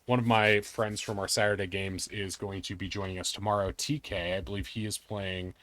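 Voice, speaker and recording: Guy streaming games, chatty and jokey, lowish voice. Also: level tone, fairly quick, slight background noise. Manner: chatty, joking, thanks viewers warmly. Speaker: streamer and game host. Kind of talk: casual live-stream chat.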